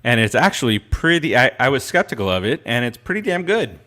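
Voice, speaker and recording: A man's voice: medium pitch, very animated, brisk, bright, forceful tone. Laid-back man hosting a casual show. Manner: laid-back, teasing banter with stammered restarts. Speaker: podcast host. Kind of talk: casual chat.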